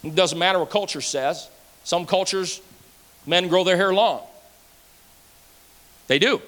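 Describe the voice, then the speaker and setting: A pastor preaching a sermon, animated and playful, swinging between loud passages and hushed asides. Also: male voice, sits high, unhurried. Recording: hall reverb.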